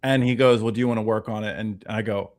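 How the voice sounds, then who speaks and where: A man's voice: fairly low pitch, fast. A man in casual conversation, telling a story with swearing and quoted dialogue. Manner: animated storyteller, acts out dialogue, swears freely. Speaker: podcast guest.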